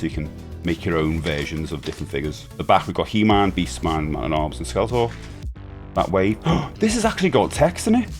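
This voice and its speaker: A man in his forties talks through an unboxing in a relaxed, rambling way, restarting his sentences as excitement takes over. His voice sits very low. Faint music plays quietly behind him. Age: 40s. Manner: chatty, enthusiastic, rambling with restarts. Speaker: toy collector vlogger. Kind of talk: casual unboxing chat.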